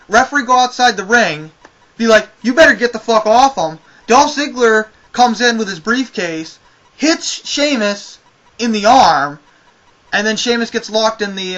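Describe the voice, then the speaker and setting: A man's voice: high voice, bright, forceful tone, dull audio. A man giving a casual spoken review of a wrestling show, ranting with exasperation and a lot of swearing.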